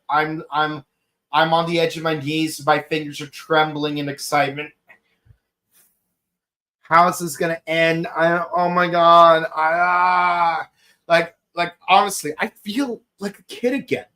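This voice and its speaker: A man in his thirties hosting a podcast, gushing through an excited solo review with many fillers and exclamations. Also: a little high. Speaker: podcast host reviewing an episode.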